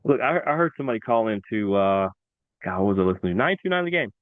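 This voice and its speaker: A man hosting a casual sports talk show, excitable and animated, repeating himself for emphasis. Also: lowish voice, fast talker, no room sound. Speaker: sports podcast host. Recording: dry, tinny phone-like sound.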